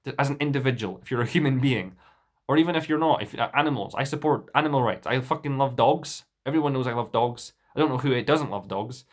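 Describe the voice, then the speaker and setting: A man's voice: medium pitch, quick pace. A young man talking to camera in a casual vlog, earnest and rambling, with restarts and fillers. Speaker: vlogger.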